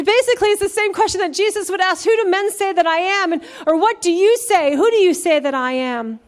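A woman's voice: very high voice, expressive, brisk. A woman pastor preaching a sermon in a church, building to fervent, emphatic calls to praise. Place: church sanctuary.

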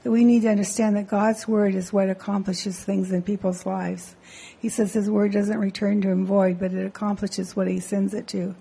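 Mellow, husky woman teaching scripture. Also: mid-range voice, low-quality recording. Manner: measured, reads scripture aloud, even delivery. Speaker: mother sharing a teaching at church. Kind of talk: sermon teaching and prayer. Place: church sanctuary.

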